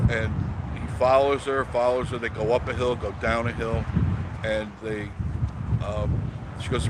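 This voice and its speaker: With a mid-range voice, fairly even intonation and a brisk pace, this man rambles through stories on a casual live stream. He chuckles a lot and responds to viewer comments, and background noise can be heard.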